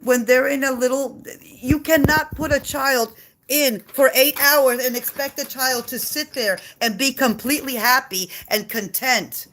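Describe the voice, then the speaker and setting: A woman's voice: high voice, fairly even intonation, unhurried, fairly bright tone, a little hiss or hum. A mother giving a heated, passionate monologue rant, blunt and swearing freely, often repeating herself. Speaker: mother ranting on video.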